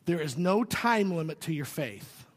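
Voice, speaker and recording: A male pastor with a fairly high voice preaches in a large sanctuary, his words ringing with a long reverb. He tells stories with feeling, swinging from loud, animated moments to quiet, hushed ones. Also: unhurried. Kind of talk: sermon with storytelling.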